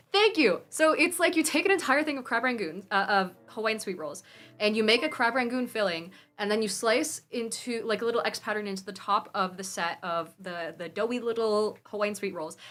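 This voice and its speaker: A young woman live streaming from her phone, chatting casually with viewers in a rambling, animated way and swearing freely. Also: a little high. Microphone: phone mic.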